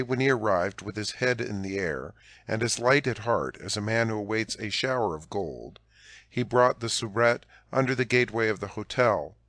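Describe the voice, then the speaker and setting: A man with a low voice reads a classic novel aloud in a measured, storytelling way. The recording is dry and close, with no room sound. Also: a bit bright, no room sound. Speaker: audiobook narrator. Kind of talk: classic novel audiobook narration.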